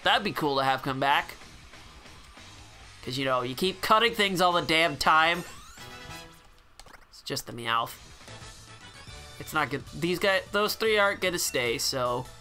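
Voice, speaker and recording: A man's voice: on the high side, animated, unhurried, pauses often, pushed and bright, faint music behind. Sarcastic man with crude game commentary. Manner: sarcastic, crude, swears freely. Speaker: gameplay channel host. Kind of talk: casual gameplay commentary.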